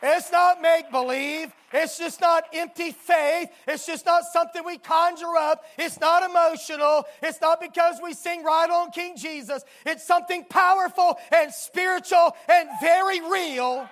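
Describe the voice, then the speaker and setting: A preacher delivering a sermon, telling a story dramatically and bursting into emphatic shouts. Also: very high-pitched, steady tone, a little slow, few pauses, a faint crowd.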